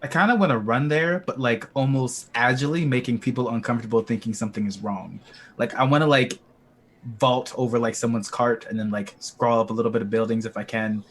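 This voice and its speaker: A man's voice: medium pitch, brisk. A man playing a tabletop game, rambling loosely through what his character does. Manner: rambling with many likes. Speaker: player. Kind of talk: casual tabletop play.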